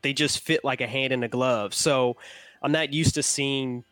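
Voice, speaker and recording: A man joining a radio talk show by internet call, speaking calmly as a guest. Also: medium pitch, normal speed, no room sound. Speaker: guest on the phone. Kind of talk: casual chat. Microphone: phone or internet call.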